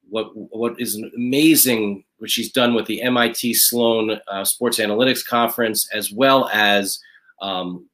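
A man's voice: lowish voice, pushed and bright. A man hosting a live online interview series, talking in a rambling, repetitive, upbeat way as he fills time and promotes upcoming guests. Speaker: host of a leadership interview series.

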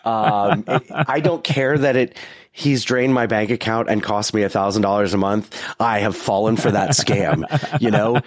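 A man co-hosts a casual podcast chat, bantering and poking fun at himself. His voice sits a bit low, and it sounds dry and close, with little room around it. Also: moderate pace, dry recording. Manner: joking, self-deprecating banter with many restarts. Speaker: podcast co-host.

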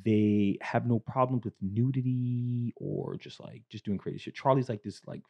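A man with a gravelly, husky voice, co-hosting a casual podcast and telling stories in a crude, animated way. He acts out the people he quotes as he goes. The sound is dry and a little dull. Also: medium pitch, normal speed, no room sound. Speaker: podcast co-host. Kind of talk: casual storytelling chat.

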